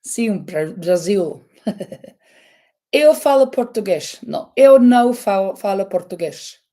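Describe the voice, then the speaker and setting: A woman from Norway with a Norwegian accent, hosting a casual live crochet chat in a halting way, with many fillers and restarts. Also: medium pitch, lively intonation, warm tone. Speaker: crochet channel host.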